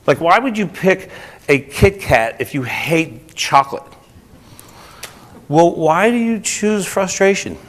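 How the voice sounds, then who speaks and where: A man's voice: on the high side, takes it slowly. A man with a New Jersey accent giving a motivational talk to a group, often asking the audience questions. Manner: energetic, asks the audience questions. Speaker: speaker.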